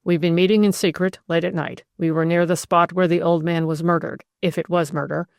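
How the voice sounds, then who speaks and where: A woman narrator voicing a cool, calculating woman conspirator who talks with composure and jumps to sharp, bright rises. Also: fairly low pitch, fairly even intonation, brisk, vocal fry, no room sound, studio quality. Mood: anxious.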